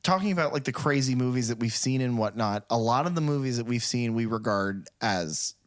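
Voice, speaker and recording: A man's voice: mid-range voice, lively intonation, fairly quick. A man co-hosting a podcast in casual chat, telling stories in a rambling way with lots of fillers and swearing. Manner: rambling storyteller, profane, many fillers. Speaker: podcast co-host.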